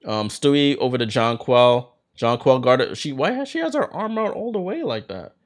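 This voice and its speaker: A man hosting a basketball watchalong, calling the plays as an excited fan with sudden bursts of hype. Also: mid-range voice, moderate pace. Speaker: watchalong host doing play-by-play. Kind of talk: fan play-by-play commentary.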